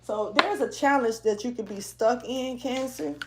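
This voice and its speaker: A woman's voice: a little high, moderate pace, background noise. A woman doing a casual tarot reading for her channel, loose and slangy, rambling and sometimes half-rapping as she walks around indoors. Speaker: tarot reader. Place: indoors, moving around the room.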